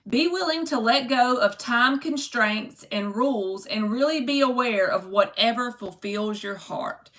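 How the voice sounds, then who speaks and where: A woman's voice: fairly high pitch, unhurried, hardly any pauses, a bit bright, roomy sound. A woman giving a chatty live-stream tarot reading, calling viewers "baby" and reading card meanings aloud from a book. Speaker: tarot reader.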